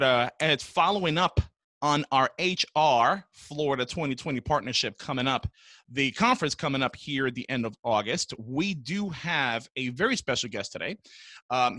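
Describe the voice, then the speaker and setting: A man's voice: a little high, bright, forceful tone, dry recording. A man co-hosting a podcast, bantering and teasing in casual chat. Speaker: podcast co-host.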